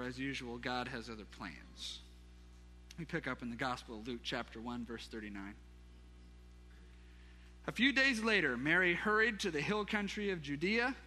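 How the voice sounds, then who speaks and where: A pastor preaching a sermon, retelling a scripture story in a lively way with asides to the congregation. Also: male voice, mid-range voice, big-room sound, slight background noise.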